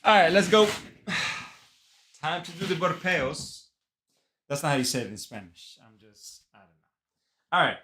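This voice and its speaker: A young man streaming live in casual chat, excitable and swearing freely, calling everyone bro and dropping in Spanish phrases. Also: fairly high pitch, unhurried, pauses often, a little hiss or hum. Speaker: livestreamer.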